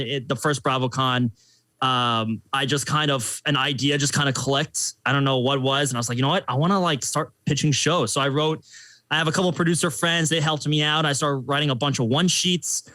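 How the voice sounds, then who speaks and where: Bright-voiced young man joking. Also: mid-range voice, moderate pace, no echo. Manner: jokey, rambling, many fillers. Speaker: podcast guest. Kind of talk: casual chat.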